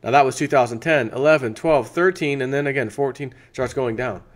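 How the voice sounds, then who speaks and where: A man's voice: medium pitch, fairly quick. An American man hosting his own channel, casually chatting through a sponsor segment and thinking aloud with restarts. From United States. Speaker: channel host.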